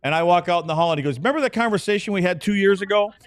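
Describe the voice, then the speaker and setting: A former player in his sixties who co-hosts a podcast tells rambling, self-deprecating stories in casual talk. His voice is high-pitched and he speaks at a racing pace.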